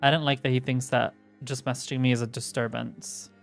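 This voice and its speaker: A woman's voice: rumbling low, a little fast, vocal fry. A woman livestreaming and chatting casually with her chat. She rants, swears and shoots her voice up when she is worked up. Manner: ranting, swearing, reacting to chat; animated, voice jumps up when worked up. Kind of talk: casual chat while streaming. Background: faint music.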